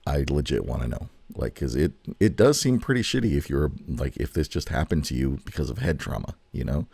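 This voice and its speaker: Young male co-host, husky low voice, dry close sound, crude animated banter. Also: brisk, no echo. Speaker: podcast co-host. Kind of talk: casual chat.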